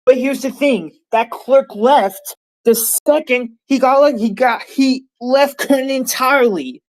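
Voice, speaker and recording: A woman's voice: high voice, slow, rough recording. A woman candidate at a debate, speaking as the sitting prime minister, confident and self-promoting. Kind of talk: debate answer.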